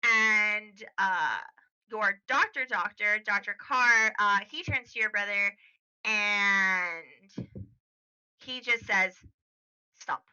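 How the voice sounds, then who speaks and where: Woman game master, narrates slowly with lots of fillers, crisp bright tone, lo-fi recording. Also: mid-range voice. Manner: halting, full of fillers.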